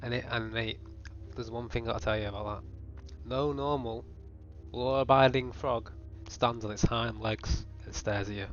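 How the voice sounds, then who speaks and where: A man's voice: mid-range voice, fairly even intonation, moderate pace. A young man doing a profane, rambling, mock-serious comedic rant as a voice-over. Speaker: comedy video host. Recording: dull lo-fi voice-over with faint music.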